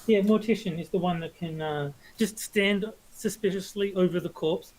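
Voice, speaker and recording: A man's voice: high voice, moderate pace, a little mellow, poor audio. A man co-hosting a podcast, explaining game roles in a casual chat and walking through the rules step by step. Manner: explains rules step by step, with many fillers and restarts. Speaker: podcast co-host.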